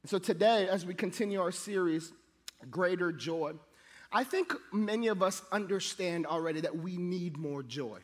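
A man's voice: high voice, normal speed, long reverb tail. A middle-aged man preaching a sermon, telling funny stories and acting out the people in them. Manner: animated, jokey, acts out voices. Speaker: pastor. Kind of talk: sermon with storytelling.

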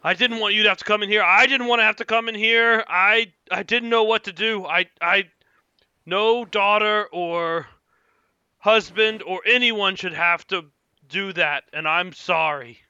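A man's voice: medium pitch, slow, pauses often, bright, forceful tone, no room sound, dull audio. A man voicing a grieving widower in a tabletop game, pleading and apologizing through stammers. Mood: tearful, pleading.

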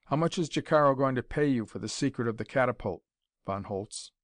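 A man's voice: medium pitch, animated, a little fast, no room sound, lightly acted. A man voicing a bold young male inventor who speaks with a dry, wry edge.

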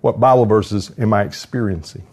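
A man's voice: lowish voice, moderate pace, darkish tone. Older man, earnest devotional speaker. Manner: earnest storytelling with prayer. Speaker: conference speaker. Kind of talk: live devotional talk. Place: conference hall.

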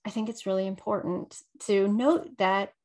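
Middle-aged woman, podcast guest, animated storyteller, average pitch. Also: normal speed. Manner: animated storyteller who acts out quoted voices. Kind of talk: casual interview conversation.

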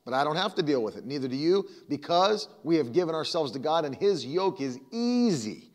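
Male pastor with a fairly high voice, emphatic conversational sermon, long reverb. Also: sing-song, fairly quick, darkish tone. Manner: emphatic, repetitive, conversational preaching.

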